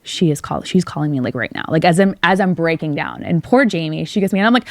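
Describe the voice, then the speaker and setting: A podcast co-host with a lowish voice talks a little fast as she recounts a personal story with emotion, voicing both sides of each conversation. The recording, made in a podcast studio, is dry.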